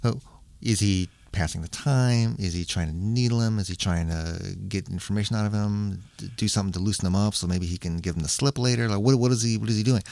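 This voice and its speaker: A man's voice: lowish voice, fast talker, gravelly, darkish tone, dry recording. A man co-hosting a podcast, thinking aloud and asking questions in a casual film discussion. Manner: thoughtful, asks questions while thinking aloud. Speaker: podcast co-host.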